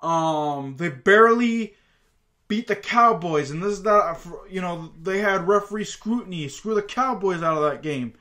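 A man with a fairly high voice talks through his sports picks in a loose, casual way. He rambles, circles back and fills gaps with plenty of asides. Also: lively intonation, measured pace, bright, forceful tone. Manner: rambling, chatty, lots of fillers and asides. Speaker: channel host. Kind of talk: casual sports prediction talk.

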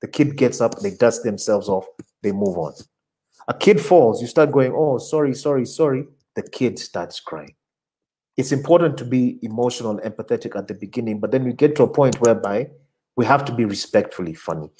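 A man's voice: lowish voice, a little fast, rough recording. A man, an advertising creative director, answering audience questions in a casual interview, talking animatedly and often repeating words as he looks for the next one. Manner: animated, repeats words while searching for them.

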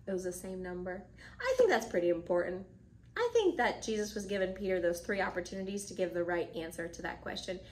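A woman is teaching a children's church lesson, reading a Bible story aloud and then retelling it in her own words. She talks at a middle pitch and gives the characters little voices as she acts out their lines. Her tone is lively and plain, like a storyteller aimed at kids. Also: brisk, slight background noise. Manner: animated storyteller acting out dialogue lines.

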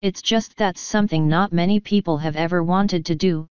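A woman's voice: lowish voice, moderate pace, clean tone, dry recording, lo-fi sound, lightly acted. A woman reading the part of a gloomy, grumbling male talking toad in a storybook. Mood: mournful. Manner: mournful, grumbling.

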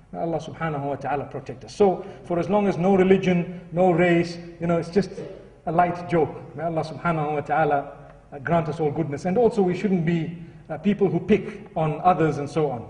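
A male preacher with a fairly high voice tells his sermon in an earnest, storytelling manner. He is far from the mic, and the hall gives him a long, ringing reverb. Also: a little mellow.

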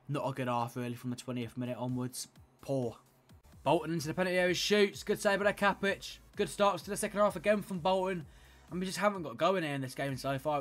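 A young man giving play-by-play commentary on his own football video game, swinging between low grumbling and shouted excitement. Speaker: gaming YouTuber playing football career mode.

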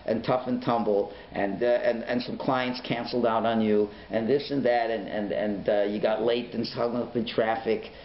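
A man teaching a Torah class as a rabbi, animated and dramatic, acting out voices, swinging from hushed whispers to sudden shouts. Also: on the low side, normal speed, few pauses. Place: synagogue learning centre classroom. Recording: echoey room, dull lo-fi sound, faint hiss.

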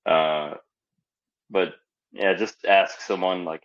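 A man as a guest speaker giving relaxed, easygoing advice in an online Q&A over a video call. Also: low voice, drawn-out words, gravelly, pauses often, dull audio.

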